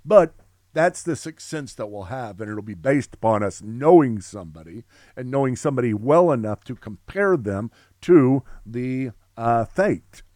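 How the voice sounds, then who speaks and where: A middle-aged man teaching a theology class, talking with excitement in long run-on sentences full of restarts. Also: mid-range voice, unhurried, no room sound, studio quality. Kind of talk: classroom lecture.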